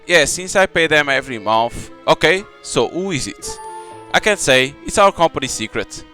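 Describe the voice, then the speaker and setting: A man's voice: fairly high pitch, lively intonation, moderate pace, sharp tone, faint music behind. A man reading a secretive female company boss. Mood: composed.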